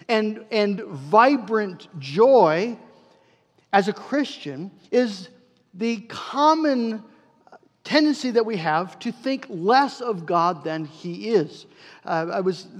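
A man's voice: high voice, long reverb tail. A man preaching a sermon as pastor, earnest and emphatic, often repeating words for stress.

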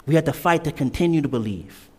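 Preacher guy giving a sermon, voice a bit high and really swingy, big echoey hall sound. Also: animated, fast, breathy edge. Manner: emphatic, repeats key lines, casual asides. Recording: long reverb of a large hall.

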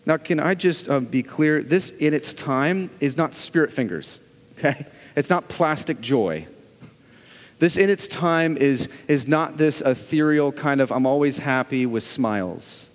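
A man preaching a sermon as a pastor, earnest and full of rhetorical questions, moving between loud urging and hushed, low passages. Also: lively intonation, unhurried, big-room sound.

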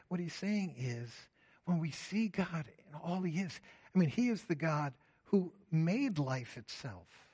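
A man preaching a sermon as pastor, swinging between loud, emphatic declarations and quiet, low asides. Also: very animated, a little slow, slightly rough.

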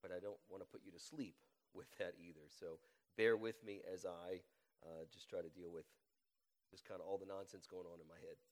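A man with a head cold preaching a sermon, reading scripture aloud with a deliberately slowed cadence and praying. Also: sits low, steady tone, in a large hall. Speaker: pastor. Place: church sanctuary.

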